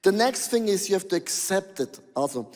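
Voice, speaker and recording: High-voiced animated male preacher. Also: normal speed. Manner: animated, exclaiming, non-native phrasing. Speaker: pastor. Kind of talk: sermon. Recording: long hall reverb.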